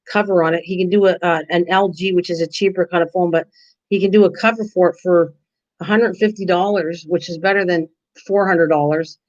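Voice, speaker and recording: Older woman chatting on a lo-fi live stream. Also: lowish voice. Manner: rambling, chatty, answers viewers' comments by name. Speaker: live-stream craft host. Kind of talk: casual live-stream chat. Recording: dull lo-fi stream audio.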